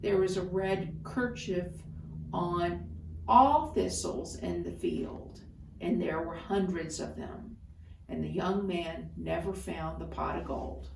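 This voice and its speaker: Slow, expressive woman storyteller. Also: on the low side, vocal fry, recorded from a distance, slight background noise. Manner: expressive, deliberate. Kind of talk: folktale storytelling. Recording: roomy echo, voice off-mic.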